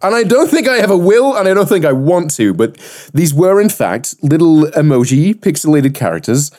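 Animated, rambling podcast man. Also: a little high, moderate pace. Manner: animated, rambling, swears freely. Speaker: podcast co-host. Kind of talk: casual podcast chat.

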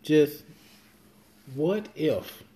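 A man's voice: on the high side, animated, very slow, mellow. A man hosting a podcast, talking loosely and rambling, swearing freely and acting out quoted lines. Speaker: podcast host. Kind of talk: casual monologue.

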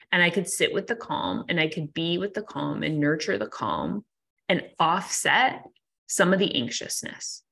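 Low gravelly-voiced woman hosting a podcast. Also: fairly bright tone. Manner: candid, searching, self-questioning. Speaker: podcast host. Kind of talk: reflective solo podcast monologue.

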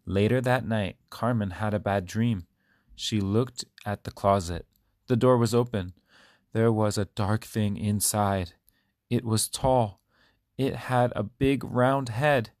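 A man reading short children's stories aloud in a slow, careful, even manner. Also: on the low side, no room sound, studio quality. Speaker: children's book reader. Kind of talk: storybook read-aloud.

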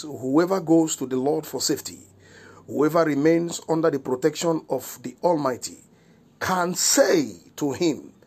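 A male pastor giving a devotional broadcast sermon, making slow, deliberate declarations and asking repeated rhetorical questions. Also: a little high, darkish tone. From Nigeria.

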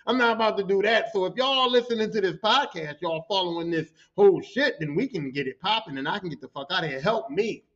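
A high-voiced man spins a rowdy, profane story as a podcast host, jumping into his coworkers' voices as he goes. The sound is dull and lo-fi. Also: animated, fast talker, hardly any pauses, fairly bright tone. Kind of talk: casual storytelling monologue.

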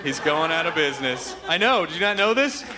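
A man's voice: on the high side, big pitch swings, a little fast. A man hosting a live comedy podcast on a theater stage, hyper, rambling and profane. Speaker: podcast host. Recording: live venue with crowd noise.

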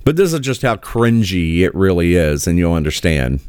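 A man's voice: low voice, big pitch swings, moderate pace, darkish tone, slight background noise. A middle-aged man giving casual commentary, sarcastic and hesitant, with many fillers.

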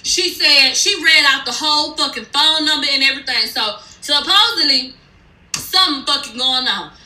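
A woman's voice: high-pitched, normal speed, pushed and bright, roomy sound, rough recording. A woman recapping a reality show in a casual, blunt and heated way, swearing freely. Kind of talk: casual profane storytelling recap.

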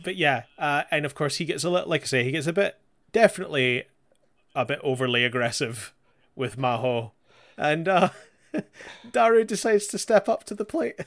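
A man's voice: fairly high pitch, expressive, a bit bright, dry recording, studio quality. A man, co-hosting a podcast, chatting wryly about a show and swearing casually. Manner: chatty and wry, swears, quick agreeing asides. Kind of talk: casual chat recapping a show.

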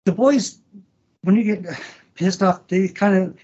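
A man talking as a podcast guest about an old friend, halting with restarts, emotional and swearing freely. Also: high voice, very animated, mellow, husky, dull audio. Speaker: guest, former wrestler. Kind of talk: casual podcast interview.

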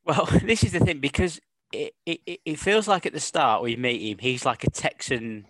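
A man's voice: a little high, normal speed, fairly bright tone, no room sound. A man, co-hosting a casual film discussion, often ending points with tag questions. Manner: conversational, seeks agreement with tag questions. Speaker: film podcast co-host.

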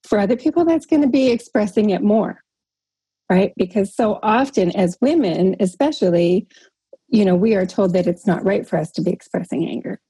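A woman's voice: mid-range voice, normal speed, mellow, husky, dry recording. A woman leading a group call, coaching in an encouraging, casual way and often checking in with "right?". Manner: encouraging, tags points with "right?". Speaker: workshop leader on a group call. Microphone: call audio.

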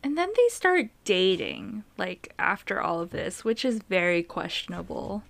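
A woman's voice: medium pitch, big pitch swings, measured pace, vocal fry, a bit bright. A woman in a casual podcast chat, playful and jokey, acting out quoted lines.

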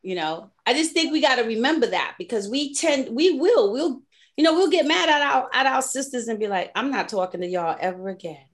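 A woman in her forties or older, hosting a podcast in casual chat, an animated storyteller who laughs often, speaking. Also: sits high, brisk. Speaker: podcast host.

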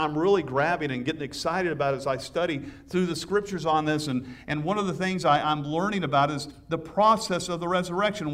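Excitable pastor, higher-pitched voice. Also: male voice, far from the mic. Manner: enthusiastic, conversational preaching with repeated restarts. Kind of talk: sermon. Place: church sanctuary.

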